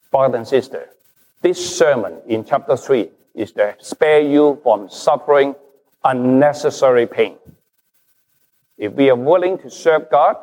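A man preaching a sermon as pastor, slow and emphatic, his stresses rising and falling. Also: medium pitch, a little mellow. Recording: long reverb of a large hall.

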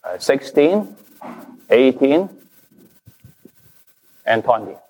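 A man preaching a sermon as pastor, slow and emphatic, his stresses rising and falling. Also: medium pitch, sing-song, darkish tone, slightly rough. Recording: long reverb of a large hall.

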